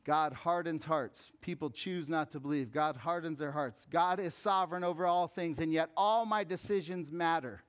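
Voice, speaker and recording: A pastor preaching a conversational sermon that rises to fervent appeals. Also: male voice, a little high, normal speed, hardly any pauses.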